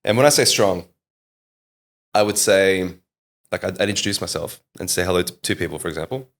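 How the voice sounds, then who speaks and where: Australian man, thirties, deep low voice, casual storytelling coach for a podcast chat. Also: a little fast, long pauses. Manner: animated storyteller, leans on "like" and "mate". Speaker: public speaking coach.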